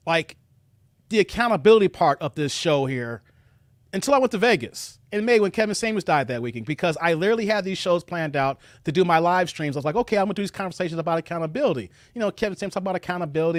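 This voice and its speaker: A man from Chicago hosts a reaction livestream and talks straight to his viewers. His voice sits high for a man and swings widely in pitch. He is mocking and animated, and the sound is close and dry. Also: quick pace, no room sound. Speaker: commentary show host.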